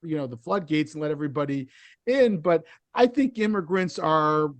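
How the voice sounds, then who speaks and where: Earnest high-voiced middle-aged man. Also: animated, normal speed, no echo. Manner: earnest, explanatory, many restarts. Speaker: podcast guest, author. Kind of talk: casual interview conversation.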